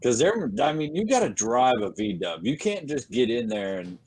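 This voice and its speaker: A man talks on a podcast with a lively, swooping delivery. He is slangy and swears freely in a relaxed, joking way. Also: medium pitch, normal speed, slightly rough, no room sound. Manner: slangy, animated, profane. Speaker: podcast co-host. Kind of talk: casual chat.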